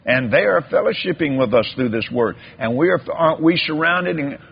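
A man's voice: on the high side, expressive, moderate pace, creaky, slightly rough. A man preaching a folksy sermon, telling a story and drifting into repetitive, drawling preacherly emphasis. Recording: dull lo-fi sermon recording.

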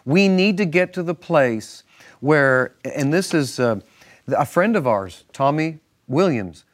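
A man's voice: on the high side, expressive, takes it slowly. A male minister teaching from the Bible on a Christian talk show, emphatic and repetitive in a preacherly way.

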